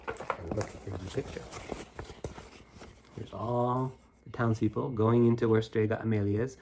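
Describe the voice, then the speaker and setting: A man's voice: fairly low pitch, steady tone, measured pace, a little mellow, a little hiss or hum. A man reading a picture book aloud to children, with chatty asides and questions to the listener. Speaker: storybook reader.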